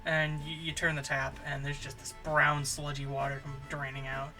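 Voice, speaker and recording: A man's voice: a little high, completely flat delivery, moderate pace, sharp tone, soft background music. A man telling a rambling, improvised absurd story, stumbling through fillers and restarts. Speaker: comedy channel host.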